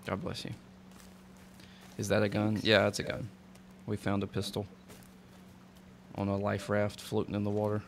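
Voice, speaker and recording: Man, low voice, gravelly, casual game chat, background hiss. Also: normal speed, long pauses. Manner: relaxed, easily startled, mild exclamations. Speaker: streamer. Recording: noisy stream audio.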